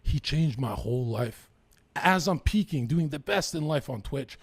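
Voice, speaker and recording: A man's voice: fairly high pitch, expressive, moderate pace, vocal fry, slightly rough. A young man from western Canada, a podcast guest telling stories in a rambling, profane way. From Lower Mainland, British Columbia, Canada. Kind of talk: casual podcast chat.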